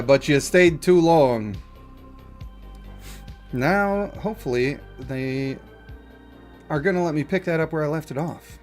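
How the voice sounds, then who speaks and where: Animated game streamer ranting comically. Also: mid-range voice. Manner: animated, rambling comic rants. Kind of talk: live game stream commentary.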